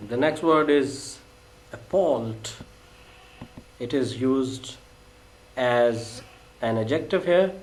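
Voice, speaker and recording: A man with a Pakistani English accent giving a deliberate vocabulary lecture, listing words one at a time. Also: medium pitch, rough recording. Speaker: English teacher.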